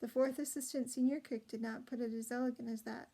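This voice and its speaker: A woman reading a children's storybook aloud in a gentle, expressive way. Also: on the high side, fast talker, poor audio. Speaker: storybook reader.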